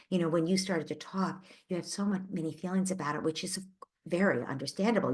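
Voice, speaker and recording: A woman with a slightly low voice answers a parent's question on a live parenting Q&A. She speaks in an empathetic, reassuring coaching tone. She thinks aloud and restarts phrases now and then. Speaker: parenting advice host.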